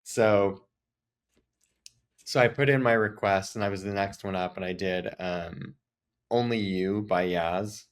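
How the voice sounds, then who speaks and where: A man with a fairly low voice tells a story as a podcast host. He talks in a loose, chatty way and fills his sentences with "like" as he goes. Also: measured pace, pauses often. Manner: chatty, frequent "like" fillers. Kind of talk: casual storytelling.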